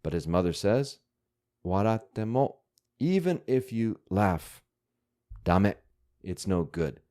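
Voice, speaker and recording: Guy teaching words slowly and patiently, low mellow voice, lots of ups and downs. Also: expressive. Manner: patient, methodical breakdown. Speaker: language teacher. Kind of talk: explaining vocabulary.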